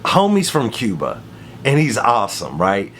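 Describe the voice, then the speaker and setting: Male host, lively pitch, casual storytelling recap with slang, faint rumble under the voice. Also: measured pace. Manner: animated storytelling with slang and repeated phrases. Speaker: MMA commentary host. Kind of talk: casual fight recap monologue.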